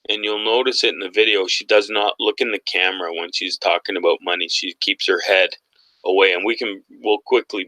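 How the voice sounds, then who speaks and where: A man hosting a casual online talk show, animated and mocking, laughing often as he goes. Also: fairly low pitch, no echo, rough recording. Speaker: podcast host. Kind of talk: casual conspiracy talk chat.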